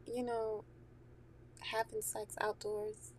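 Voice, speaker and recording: A woman's voice: medium pitch, moderate pace, pauses often, a little mellow. Woman just chatting real frank and cussing a lot, laughs a bunch, goes kinda whispery sometimes. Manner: frank and profane, with laughing asides and dropped whispery bits. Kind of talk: candid casual chat.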